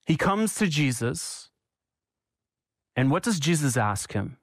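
A man's voice: on the high side, sing-song, slow pace, long pauses, no echo, studio quality. A man preaching a sermon with passion, repeating phrases for emphasis and asking the congregation questions. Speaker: pastor.

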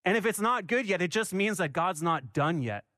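A man's voice: high voice, expressive, moderate pace, pushed and bright, no echo, clean studio sound. A man preaching a sermon with passion, repeating phrases for emphasis and asking the congregation questions. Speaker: pastor.

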